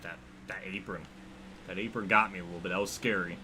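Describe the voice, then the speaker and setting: A man's voice: low-pitched, steady tone, fast, sharp tone, slight background noise. A man with a Pennsylvania accent giving live commentary while streaming a racing game, rambling and self-deprecating as he reacts to chat.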